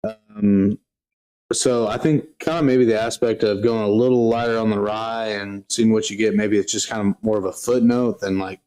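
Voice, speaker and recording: A man's voice: on the low side, steady tone, moderate pace, mellow. A man co-hosting a casual livestream, bantering with a joking, self-deprecating manner. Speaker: livestream co-host.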